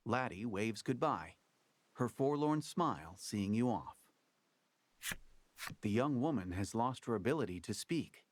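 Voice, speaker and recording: A lively storybook game narrator. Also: male voice, medium pitch, a little slow, pauses often. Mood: storytelling. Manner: theatrical, storytelling game-master delivery. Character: wry male game master narrating a card tale. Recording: game audio with faint music underneath.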